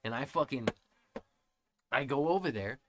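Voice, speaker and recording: A man on a casual podcast, a father of three, telling a profane, animated story. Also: medium pitch, normal speed. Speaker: podcast co-host. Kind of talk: casual chat.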